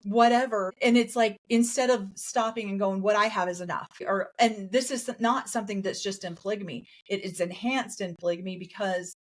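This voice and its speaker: A woman's voice: mid-range voice, fairly even intonation, fairly quick, few pauses. A woman co-hosting a podcast, chatting casually and acting out quotes in other voices as she recaps a TV show. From raised in a polygamist group in the US West. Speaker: podcast co-host. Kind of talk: casual reaction chat.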